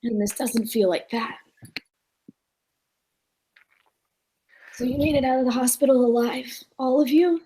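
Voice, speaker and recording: A woman voicing a scarred, battle-worn woman who is raspy, hushed and close to tears. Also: sits high, slight background noise, natural voice, rough recording. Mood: stunned. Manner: hushed, halting speech, often near a whisper.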